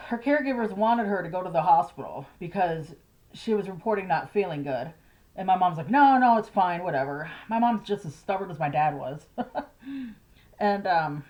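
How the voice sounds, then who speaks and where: A middle-aged woman vlogging casually about her grief, rambling and hesitant, with nervous laughs. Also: fairly low pitch. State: grieving. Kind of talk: casual personal vlog. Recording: slightly dull lo-fi audio.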